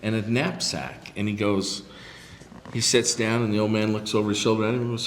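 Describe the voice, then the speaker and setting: A man hosting a podcast spins a long anecdote in a low voice, slipping into quoted voices as he goes. The sound is roomy and echoey, with a faint hiss underneath. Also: fairly even intonation, fast. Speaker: podcast host. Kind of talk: casual storytelling chat. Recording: echoey room with faint noise.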